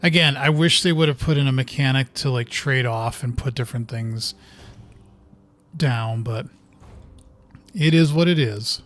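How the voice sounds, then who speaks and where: A gamer offers casual let's-play commentary on a horror video game, thinking aloud and muttering as he reads in-game notes. His voice is medium-pitched, his pace measured, with long pauses.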